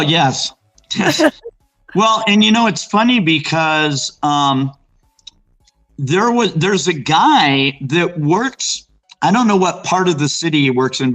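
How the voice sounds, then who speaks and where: A guest from Arizona who grew up in Los Angeles rambles through local ghost and cryptid tales in casual chat, acting out the people he quotes. His slightly higher, fairly bright voice often stops and restarts amid fillers in a loose, conversational way, and the audio is poor.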